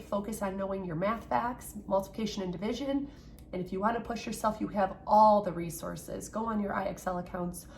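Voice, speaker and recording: A woman's voice: mid-range voice, a little mellow, a little hiss or hum. A woman teacher recorded at home, talking earnestly and encouragingly straight to her young students in a farewell message. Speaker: third-grade teacher.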